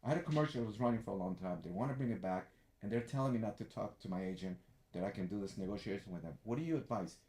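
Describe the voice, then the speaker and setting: A middle-aged man, a background actor, telling a lively story in a casual chat and acting out the other people's voices. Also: fairly low pitch, rapid-fire, reverberant. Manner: animated, acts out quoted voices.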